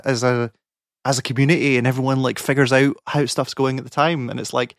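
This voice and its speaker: A man's voice: medium pitch, little pitch movement, fast talker, gravelly, dry recording, studio quality. A young man, a podcast co-host, rambling and ranting in exasperation with lots of fillers. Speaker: podcast co-host, game academic. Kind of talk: casual podcast chat.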